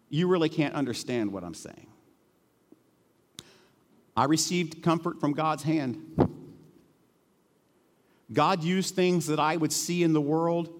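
Middle-aged pastor guy preaching, kinda high voice, gets quiet then builds up big, echoey church. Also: expressive, measured pace, long pauses. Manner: earnest, emotional, swings from hushed to rising emphatic. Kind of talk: sermon. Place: church sanctuary.

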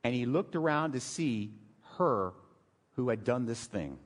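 A man preaching a sermon, telling a scripture story in an animated way, dropping to hushed emotional tones at key moments. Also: mid-range voice, unhurried. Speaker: pastor. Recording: long hall reverb.

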